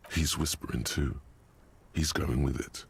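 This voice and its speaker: A man voicing a grim, knowing narrator in a video game, speaking in measured, ominous commentary with a gravelly, raspy voice. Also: extremely low pitch, fairly even intonation, background noise.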